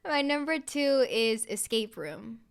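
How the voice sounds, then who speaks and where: A woman co-hosting a podcast in casual chat, telling stories in an animated way. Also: on the high side, slow pace, vocal fry. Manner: animated storyteller, acts out quotes. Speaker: podcast co-host.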